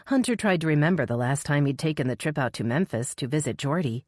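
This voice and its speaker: A woman narrating an audiobook in a measured, steady way. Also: low-pitched, no echo, clean studio sound. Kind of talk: scripted narration.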